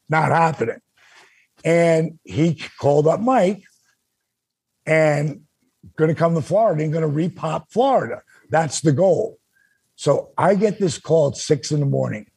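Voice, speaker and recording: An older man hosting a talk show, telling stories in an animated way and acting out the quotes. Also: vocal fry, husky, dry recording. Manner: acts out quotes with big pitch jumps. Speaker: podcast host telling stories. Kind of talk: animated storytelling.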